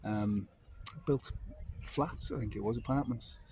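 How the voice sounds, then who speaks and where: A man's voice: mid-range voice, measured pace, a little hiss or hum. A man in his fifties from North Wales with a North Welsh accent, telling casual anecdotes in a meandering, digressive way.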